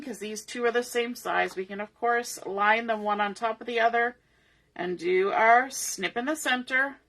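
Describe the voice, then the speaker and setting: A woman's voice: on the high side, creaky, sharp tone. A middle-aged woman hosting a papercraft tutorial, talking through each step aloud in a chatty way at her craft table. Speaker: papercraft host.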